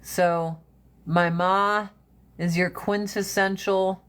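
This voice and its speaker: Woman, casual livestream host on a phone, blunt, profane and animated. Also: mid-range voice, extremely slow, clear, resonant tone.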